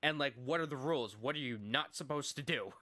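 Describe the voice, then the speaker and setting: Bright, excitable man gushing on a podcast. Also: mid-range voice, fairly quick. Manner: excitable, rambling movie recap with acted asides. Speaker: podcast co-host. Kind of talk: casual chat.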